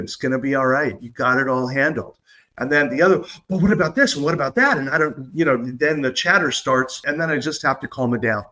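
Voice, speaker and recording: A man with a slightly raised voice hosts his own podcast in an earnest, confiding tone. He sounds upbeat and sincere. He leans into slow, emphatic stretches when something matters to him. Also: a little high, sharp tone. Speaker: podcast host. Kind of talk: reflective solo podcast talk.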